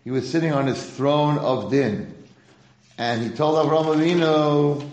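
A man's voice: mid-range voice, moderate pace, darkish tone, reverberant, poor audio. A man teaching a religious lesson to a class, posing rhetorical questions and mixing in Hebrew terms. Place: room with a class present.

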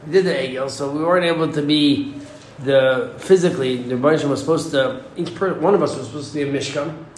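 A man with a somewhat high voice teaches an informal Torah class. He talks conversationally and keeps posing rhetorical questions. The recording is roomy, with faint ambience behind him. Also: fast talker, slight background noise. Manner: conversational, asks rhetorical questions, restarts sentences.

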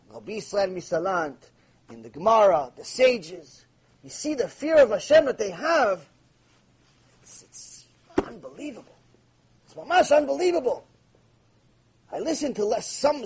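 A man's voice: high-pitched, darkish tone, slightly rough, rough recording. A man giving a live Torah lecture, emphatic and repeating his key points, acting out imagined prayers. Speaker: Torah teacher.

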